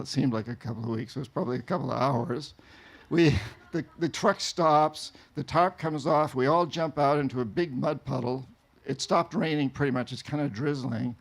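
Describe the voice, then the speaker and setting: A man from New England tells a vivid travel story to an audience, his voice sitting a little high. He laughs often and acts out the big moments as he talks. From New England, USA. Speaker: speaker telling a story to an audience. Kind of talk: storytelling talk.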